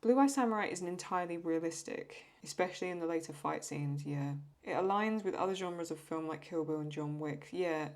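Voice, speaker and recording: A woman's voice: lowish voice, brisk, few pauses. A young English woman chatting casually and rambling while she draws and answers viewer questions. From England. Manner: chatty, rambling, self-talk. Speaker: host. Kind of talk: casual chat while drawing.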